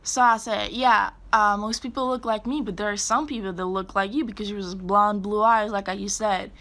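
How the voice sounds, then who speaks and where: Young woman, from Spain, casual storytime, swears, says "like" a lot, bright voice, middle pitch. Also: fairly even intonation, moderate pace. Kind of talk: storytime video.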